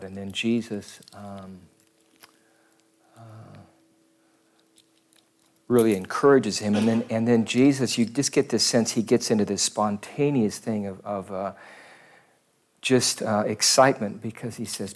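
A man's voice: lowish voice, moderate pace, pauses often, darkish tone, slight background noise. A man giving a casual, conversational sermon as a pastor, rambling with self-deprecating asides.

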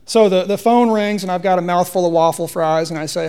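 A man's voice: high voice, fairly quick, vocal fry, darkish tone. A man in his thirties giving a conversational, humorous sermon in a church, telling a personal story. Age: 30s. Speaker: preacher.

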